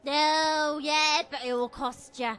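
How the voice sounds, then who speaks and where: A woman playing an eccentric character who makes absurd demands in a whimsical, drawn-out voice. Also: sits high, steady tone, fairly bright tone, soft background music. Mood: teasing. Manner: whimsical, drawn-out, singsong delivery.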